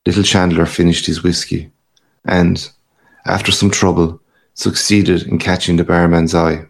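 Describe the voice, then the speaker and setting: A male narrator reads a story aloud at a measured, steady pace. His voice is very low and carries a gravelly fry. He keeps his delivery even and calm. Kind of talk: audiobook reading of a story.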